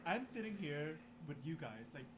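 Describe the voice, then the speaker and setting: A man's voice: fairly high pitch, normal speed, background noise. A man from Cambodia, a podcast co-host, chatting casually and rambling with lots of "like"s. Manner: animated, rambling with many "like"s. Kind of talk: casual chat.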